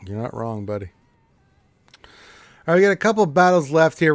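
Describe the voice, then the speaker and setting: A man's voice: a little high, big pitch swings, fairly quick, long pauses, no room sound. Man bantering on a dry-sounding game stream. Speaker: co-host of a game live stream. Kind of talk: casual chat.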